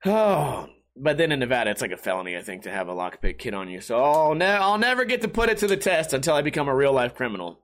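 Very animated and fast, this young YouTuber chats with his viewers in a mid-range, fairly bright voice, keeping it relaxed and jokey with frequent swearing and plenty of "dude."

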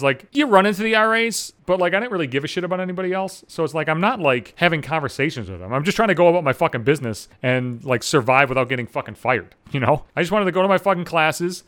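A man's voice: fairly high pitch, a bit bright. A man in his thirties hosting a podcast, telling a rambling story with heavy swearing and exasperated rants. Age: 30s. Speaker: podcast host. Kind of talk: profane storytelling monologue.

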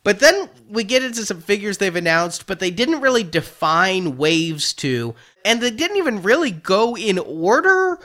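A man's voice: high-pitched, sing-song, normal speed, few pauses, pushed and bright. A man hosting a casual chat about toy figures, chatty and joking, laughing often. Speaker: toy collecting podcast host.

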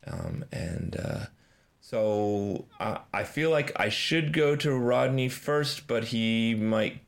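A man's voice: mid-range voice, expressive, takes it slowly, vocal fry. A man hosting a casual podcast chat, hesitant, with many ums and restarts. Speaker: podcast host.

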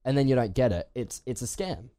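A man's voice: mid-range voice, brisk, dark tone, smooth. A young Australian man co-hosting a radio show, chatting casually and laughing often. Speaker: radio co-host. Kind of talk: casual banter.

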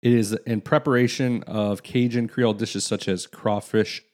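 A man's voice: on the low side, steady tone, normal speed, darkish tone. A man around forty co-hosting a casual chat, rambling along and reading facts aloud. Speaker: podcast co-host.

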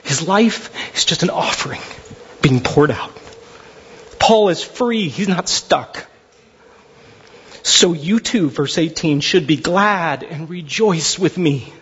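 A man's voice: a little high, lively intonation, slow pace, pauses often, a bit bright, slightly rough, lo-fi sound. A male pastor delivering an impassioned, conversational sermon with emphatic delivery.

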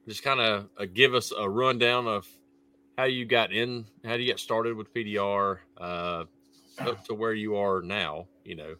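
Bright-voiced, teasing male co-host. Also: on the low side, fairly even intonation, a little slow, clean tone. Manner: teasing, dry humor. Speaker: podcast co-host. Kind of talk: casual chat.

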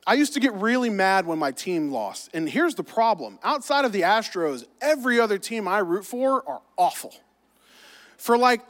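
A man's voice: high-pitched, long reverb tail. A middle-aged man, preaching a sermon in a church and joking with the congregation. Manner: humorous, animated preaching with asides to the congregation. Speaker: pastor.

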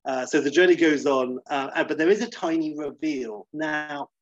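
A man casually pitching a film idea, rambling with many fillers and restarts. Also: normal speed, dry recording, lo-fi sound. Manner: rambling, full of fillers and restarts, acts out the characters.

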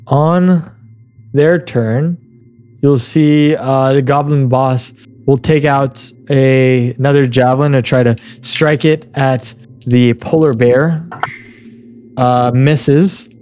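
A man narrating a tabletop game as game master, in loose, halting speech with plenty of fillers. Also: medium pitch, fairly even intonation, darkish tone, clean tone, faint music behind.

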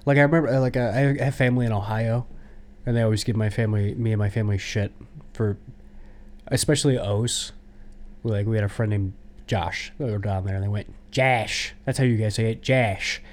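A man's voice: fairly low pitch, steady tone, a little fast, a little mellow. Chatty man from the United States. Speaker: podcast co-host. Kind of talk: casual chat.

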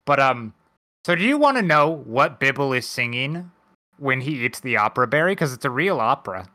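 A man hosts a casual podcast chat in a medium-pitched, sharp voice with big swings in pitch, talking at normal speed. Dry and nerdy, he walks through details from his notes.

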